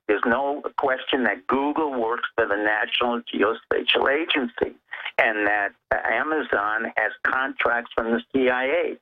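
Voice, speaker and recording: A man calling in as a guest, laying out his points one by one in an emphatic, lecturing way. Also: medium pitch. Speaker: phone-in guest. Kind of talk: emphatic political commentary. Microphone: telephone. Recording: tinny phone line.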